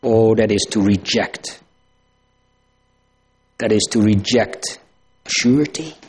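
A man preaching a sermon, asking rhetorical questions and swinging from loud emphasis to hushed tones. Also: on the low side, slow, husky.

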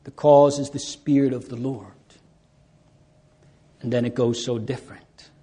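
A man preaching a sermon, slow and earnest, drawing out pleading cries. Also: mid-range voice, flat delivery, warm tone.

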